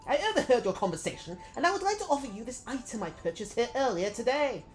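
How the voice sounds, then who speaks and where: A woman's voice: sits high, huge pitch swings, normal speed, faint music behind, pitched above the performer's own voice. A woman reading aloud as a polite, cunning male hero strategist in a put-on British accent. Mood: courteous. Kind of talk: reading game dialogue aloud.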